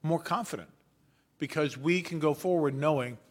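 A man preaching a sermon as a pastor, with a measured storytelling delivery and playful asides. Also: a little high.

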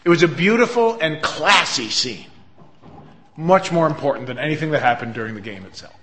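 Male pastor, earnest storyteller, bright and forceful tone. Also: fairly high pitch, animated, a little fast. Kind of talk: sermon.

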